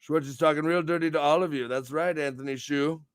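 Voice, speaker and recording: A young man hosting a morning stream with a bombastic, theatrical promo style, swinging his pitch and volume wildly. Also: fairly even intonation, fairly quick, clean tone, no room sound, studio quality. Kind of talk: hyped-up wrestling promo chat.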